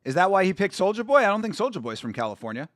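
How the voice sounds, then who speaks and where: A young man hosting a casual live watch-along stream, chatty and excitable, full of slang and swearing. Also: high voice, racing, dry recording, clean studio sound. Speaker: stream host.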